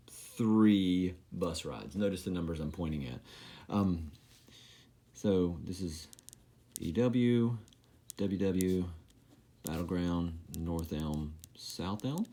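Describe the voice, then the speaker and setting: A man's voice: low-pitched, mellow. A man teaching a recorded math lesson, making joking, self-deprecating asides while he writes.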